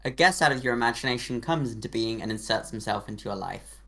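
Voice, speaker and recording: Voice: medium pitch, fast, a bit bright. A game master narrating a tabletop role-play game in a loose, rambling way.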